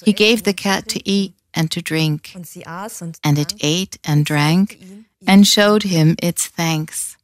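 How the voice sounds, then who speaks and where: A woman reading a religious passage aloud in a calm, reverent way. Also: medium pitch. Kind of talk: scripture reading.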